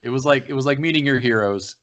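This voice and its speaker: A man co-hosting a podcast in casual chat, an animated storyteller who acts out quotes and swears. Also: medium pitch, fast talker. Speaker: podcast co-host.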